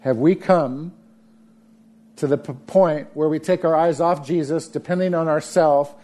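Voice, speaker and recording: A man preaching a sermon, earnest, often dropping to a soft murmur for emphasis. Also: fairly high pitch, steady tone, a little slow. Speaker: pastor.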